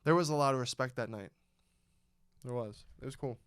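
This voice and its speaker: A man's voice: medium pitch, fairly quick, fairly bright tone, clear, resonant tone, no room sound, clean studio sound. A man co-hosting a casual podcast, talking animatedly, swearing often and acting out scenes as he tells them. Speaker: podcast co-host, former fighter.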